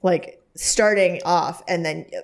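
A Texas podcast co-host with a lowish, gravelly voice takes her time speaking. She chats casually, spinning loose, rambling tales full of fillers.

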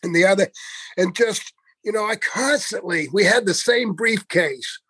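High-voiced man telling prank stories. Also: measured pace, pushed and bright, slightly rough, dry recording. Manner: laughing, mischievous storyteller.

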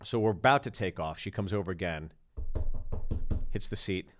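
A man's voice: deep voice, moderate pace, a little hiss or hum. A man co-hosting a podcast, telling stories casually and acting out the quoted lines, with plenty of swearing. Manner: animated storyteller, acts out quoted lines, swears freely. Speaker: podcast co-host. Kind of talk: casual storytelling chat.

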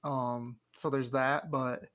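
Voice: medium pitch, little pitch movement, takes it slowly, a bit bright. A podcast co-host casually recapping a show in easygoing, chatty talk. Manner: easygoing and chatty, with frequent fillers like "like".

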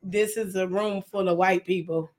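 A woman's voice: mid-range voice, steady tone, normal speed, a little mellow. A woman co-hosting a podcast in casual chat, candid and storytelling, often repeating her words. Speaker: podcast co-host.

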